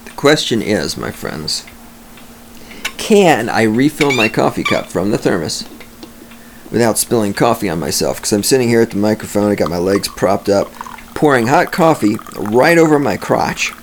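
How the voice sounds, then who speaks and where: A man's voice: fairly low pitch, sing-song, moderate pace, slight background noise. A man hosting a solo podcast, ranting with sarcasm and heavy profanity, talking at his home microphone. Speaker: podcast host.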